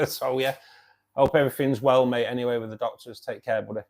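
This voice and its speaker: Broad Mancunian tones mark this chatty Manchester-area man, whose mid-range voice moves briskly. Hosting a fish club's relaxed live stream at home by his fish tank, he reads viewers' comments and answers them by name in an easy, familiar way.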